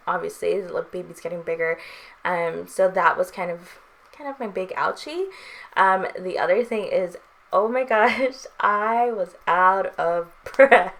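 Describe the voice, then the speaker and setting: Chatty young woman, low-ish voice. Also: vocal fry. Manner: chatty, frequent "um" and "like", light laughs. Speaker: vlogger. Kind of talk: casual chat.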